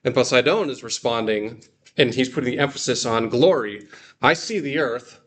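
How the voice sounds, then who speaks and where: A man's voice: medium pitch, normal speed, fairly bright tone, slight background noise. A man leading a guided reading class, explaining step by step with frequent fillers and restarts. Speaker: Greek teacher.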